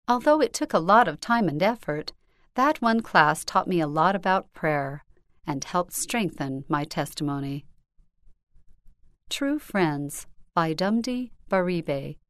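A woman reading a first-person story aloud as scripted narration, in an earnest, measured delivery. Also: fairly low pitch, dry recording, studio quality. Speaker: reader.

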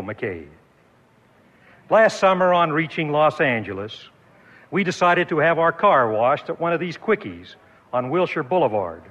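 A man giving a formal church conference address, telling a story in a measured way. The audio is an archival recording. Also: a little high, a bit bright, muffled recording. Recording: reverberant archival hall recording.

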